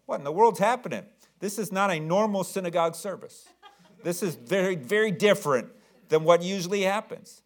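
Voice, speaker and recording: A man's voice: high voice, a little fast. A man preaching a sermon as pastor, emphatic, repeating words and asking the congregation questions.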